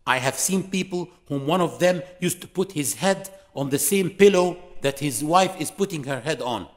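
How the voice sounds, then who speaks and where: A man's voice: fairly high pitch, animated, moderate pace. Man lecturing, storytelling with acted dialogue. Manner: storytelling, acts out dialogue, varied loudness. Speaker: Islamic lecturer.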